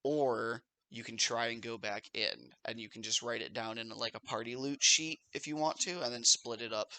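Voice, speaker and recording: A man runs a tabletop game as its game master, with a gravelly edge and a bright, pressed tone. He is recorded dry and close, with no room around him. He narrates the action and patiently explains the rules. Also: mid-range voice, steady tone, moderate pace, dry recording.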